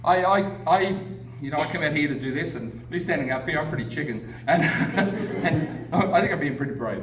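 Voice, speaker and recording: A man with an Australian accent giving a casual, chatty conference talk with self-deprecating asides. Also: a little high. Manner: chatty and self-deprecating, frequent fillers and laughs. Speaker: paranormal researcher giving a presentation. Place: convention hall. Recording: echoey hall from a distance, faint background noise.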